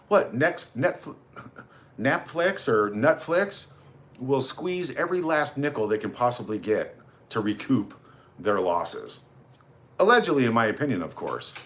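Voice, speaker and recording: A man's voice: medium pitch, a bit bright. A man hosting a casual livestream, rambling and greeting viewers by name as he reads out their comments. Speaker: livestream host.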